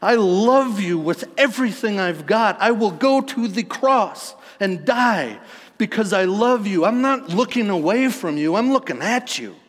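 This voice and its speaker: Preacher voicing God as a loving, urgent male deity, raised high and forceful, long hall echo. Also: animated, measured pace. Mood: impassioned. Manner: impassioned, raised, pleading.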